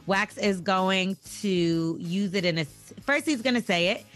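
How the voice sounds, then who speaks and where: Female host, casual teasing banter, mid pitch, faint music bed. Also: a little slow, fairly bright tone. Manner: teasing, runs the segment. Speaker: podcast host.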